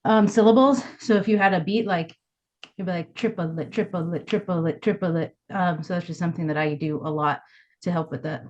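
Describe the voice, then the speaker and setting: A woman's voice: on the low side, a little fast, highs cut off, a little hiss or hum. A young woman student sharing a study trick in class, hesitant with fillers, chanting a word to show the rhythm. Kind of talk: answering in class.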